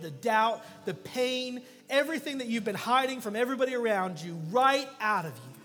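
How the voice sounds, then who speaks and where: Guest pastor, male, higher-pitched, animated sermon delivery in a reverberant sanctuary. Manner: animated storytelling with jokes, swinging from loud to hushed.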